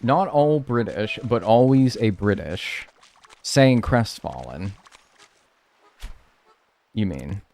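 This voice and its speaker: A man's voice: lowish voice, animated, slow, gravelly, pauses often, darkish tone, a little hiss or hum. An American man chatting casually on a live stream while playing a game, joking with his chat and swearing freely.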